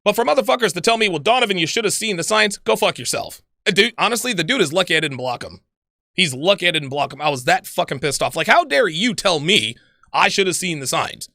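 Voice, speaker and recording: A man's voice: high voice, lively intonation, a little fast, gravelly, sharp tone, no echo, clean studio sound. A man hosting a livestream, ranting angrily and profanely and repeating himself. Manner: angry, profane, repetitive. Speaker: livestream host. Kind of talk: heated livestream rant.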